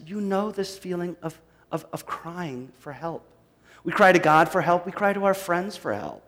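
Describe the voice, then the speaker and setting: A man preaching a sermon, reading a psalm dramatically and swinging from loud to hushed. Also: high-pitched, in a large hall. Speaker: pastor.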